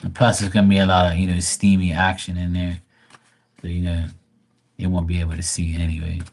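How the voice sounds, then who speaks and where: A man's voice: deep voice, monotone, a little fast, darkish tone. A man hosting a live stream and chatting casually to his viewers, crude and boastful, rambling with lots of fillers. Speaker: live-stream host talking to chat.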